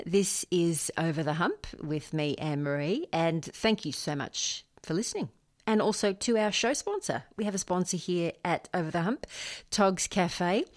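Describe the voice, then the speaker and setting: An Australian woman hosting a community radio show in a chatty, casual way with easy fillers. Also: lowish voice. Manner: chatty, with fillers and light laughs.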